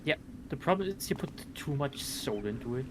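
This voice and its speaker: German dude, dry sarcastic jokes, lots of loud noise behind him. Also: male voice, medium pitch, very animated, a little fast. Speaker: podcast co-host. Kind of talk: casual chat.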